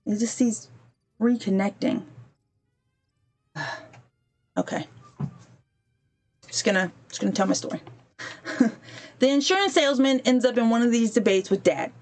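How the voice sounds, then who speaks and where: Gaming on a livestream, a podcast host tells a casual, wandering story, pausing to fix her stream and briefly acting out those she quotes. Her voice is fairly high and expressive, at a moderate pace with frequent pauses.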